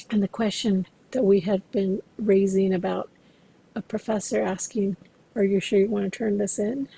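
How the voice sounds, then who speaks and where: Husky, gravelly-voiced woman instructor. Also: mid-range voice, fairly even intonation, dark tone, poor audio. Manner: explanatory, measured, addresses students directly. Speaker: interpreting instructor. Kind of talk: recorded lecture.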